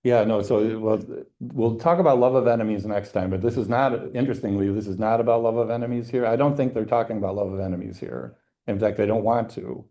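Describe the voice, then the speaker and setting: A man's voice: on the low side, a little fast, mellow. A man teaching an adult church forum class, talking in a conversational, emphatic way with rhetorical questions. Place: church meeting room.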